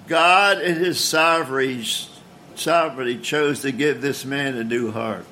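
A man's voice: mid-range voice, unhurried, pushed and bright, slight background noise. A man preaching a sermon in an earnest, emphatic way, often stumbling and restarting words.

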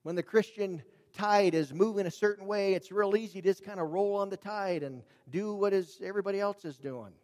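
A man's voice: high voice, a little fast, hardly any pauses, darkish tone. Earnest male preacher in a reverberant hall. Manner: earnest, emphatic, varies volume for drama. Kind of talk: sermon. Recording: long reverb of a large hall.

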